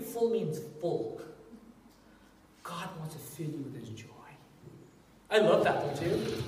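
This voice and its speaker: A man preaching a sermon in a jokey, animated way, swelling loud at times. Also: high-pitched. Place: church hall. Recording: echoey hall from far off.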